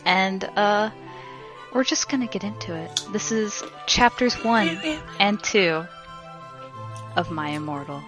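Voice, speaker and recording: A woman co-hosting a podcast, reading aloud in a theatrical, mock-solemn way with sudden loud bursts. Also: medium pitch, slow, long pauses, music in the background. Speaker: podcast co-host. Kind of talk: comedic dramatic reading.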